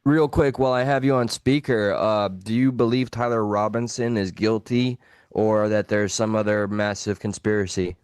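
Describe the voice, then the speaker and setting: A man's voice: lowish voice, steady tone, normal speed, smooth, dry recording, studio quality. A man co-hosting a call-in talk show, teasing and cracking jokes. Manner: teasing, wisecracking. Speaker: co-host. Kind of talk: casual call-in show banter.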